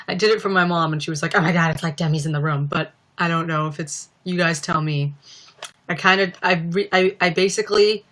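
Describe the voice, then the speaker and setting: A woman's voice: on the low side, bright, forceful tone. A young woman chatting casually on a livestream from home, giggling a lot and rambling with plenty of "like". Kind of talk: casual live-stream chat.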